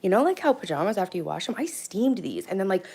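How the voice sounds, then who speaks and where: A woman's voice: medium pitch, very animated, fast, creaky, breathy edge. A hungover woman in her thirties chatting bluntly on a live stream from her kitchen, reading out and answering comments. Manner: chatty, blunt, swings between loud and soft, reacts to chat. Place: home kitchen.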